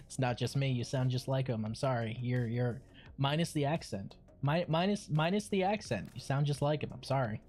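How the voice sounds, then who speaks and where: A man's voice: mid-range voice, normal speed, pauses often, faint music behind. Rambling, cursing gaming streamer man. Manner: rambling, swears, loud squeals. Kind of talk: casual gaming commentary.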